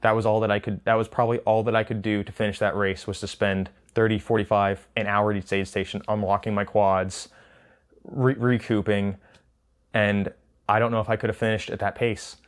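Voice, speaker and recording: A man's voice: on the low side, level tone, a little fast. A man with children, recapping a hard trail race in a casual, rambling way, stumbling and restarting often and laughing between thoughts. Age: adult with children.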